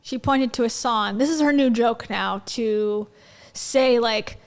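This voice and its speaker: A woman's voice: on the high side, slow pace. Wry, skeptical woman livestream host. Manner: wry, skeptical, chatty with viewers. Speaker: livestream host reviewing an event. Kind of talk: casual commentary chat.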